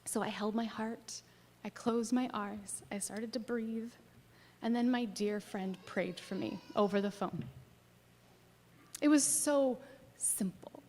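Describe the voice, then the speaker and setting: Expressive woman pastor in echoing church. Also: medium pitch, measured pace, a little hiss or hum. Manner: expressive, swings from lively to soft near-whisper. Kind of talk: sermon with personal storytelling. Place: church sanctuary. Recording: long church hall reverb.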